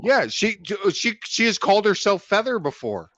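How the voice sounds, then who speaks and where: A man's voice: high voice, big pitch swings, moderate pace, a bit bright, dry recording, muffled recording. A man guest on a livestream panel, ranting angrily with lots of swearing and jeers. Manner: angry, profane, jeering rant. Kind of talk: heated livestream panel rant.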